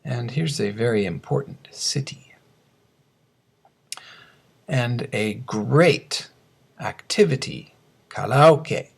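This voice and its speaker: A man teaching English pronunciation, reading slow word drills and explaining sounds. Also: mid-range voice, animated, gravelly, breathy edge. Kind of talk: scripted lesson narration.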